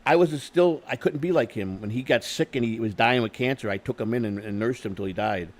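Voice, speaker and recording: A middle-aged man telling stories in a candid interview, swearing freely, repeating and restarting his words, and getting louder when he retells arguments. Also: mid-range voice, a little fast. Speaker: interview guest. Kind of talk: candid conversational storytelling.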